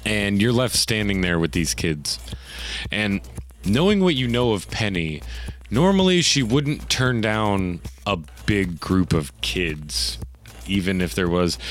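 Male game master, lowish voice, animated intonation, casual storytelling. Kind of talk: narrating a tabletop game.

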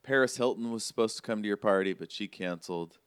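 A man running a tabletop role-play as game master, telling the scene in a relaxed, conversational way with plenty of fillers. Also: on the low side, fast, clear, resonant tone.

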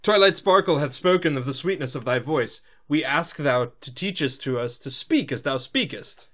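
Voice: mid-range voice, animated, normal speed, a bit bright, natural voice. A podcast co-host voicing a regal female pony princess from a cartoon, in formal, old-fashioned royal speech. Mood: stately. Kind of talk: recapping a cartoon episode.

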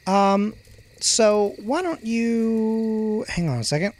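A man's voice: sits high, takes it slowly, darkish tone. A man narrating as game master of a tabletop game, full of hesitant ums and uhs.

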